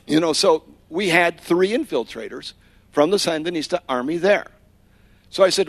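A man's voice: on the high side, lively intonation, normal speed, vocal fry, dry recording. A man giving a sermon, telling a personal story and acting out the quotes, with Spanish phrases dropped in. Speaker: preacher.

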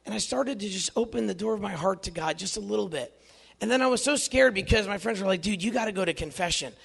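A man in his fifties giving an earnest, animated inspirational talk to young people, telling his own faith story with self-deprecating humor. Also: sits high, fast, vocal fry, husky. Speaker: Catholic youth speaker.

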